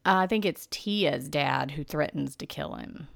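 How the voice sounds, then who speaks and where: A woman co-hosting a casual chat show, lively and teasing, laughing easily. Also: low-pitched, a little slow, creaky. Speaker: podcast co-host.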